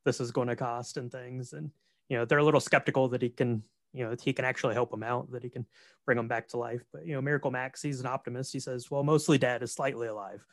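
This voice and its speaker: A man talks through a movie's story in a relaxed, rambling way, leaning on fillers. His voice sits at a middling pitch, and the recording is dry and close. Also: fast, no room sound. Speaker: podcast co-host. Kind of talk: casual movie recap chat.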